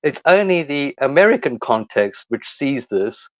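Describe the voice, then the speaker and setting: A man on a video call in a casual political discussion, speaking in a measured, questioning way. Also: mid-range voice, very animated, no echo, lo-fi sound. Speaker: open mic panelist.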